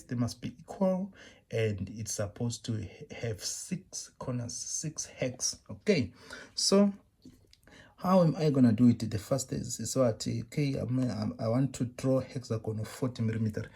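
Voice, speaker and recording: A man's voice: mid-range voice, creaky, mellow, slightly rough. A man with a South African accent teaching technical drawing step by step. He repeats phrases, keeps asking whether students understand, and scolds common mistakes. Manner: repeats phrases, asks "you understand?" often. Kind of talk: classroom demonstration lesson.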